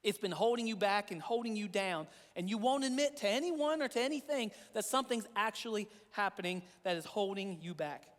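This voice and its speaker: A man's voice: sits high, animated, fairly quick, few pauses, fairly bright tone, in a large hall. A man preaching a sermon as a pastor, earnest and repetitive in a conversational way. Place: church sanctuary.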